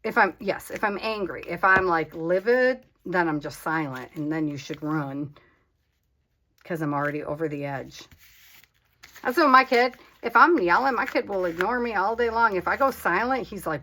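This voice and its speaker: A woman's voice: on the low side, animated, normal speed, fairly bright tone, slight background noise. A woman hosting a casual crafting vlog, chatting candidly and talking to her supplies as she works. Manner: self-deprecating and candid. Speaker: crafting channel host.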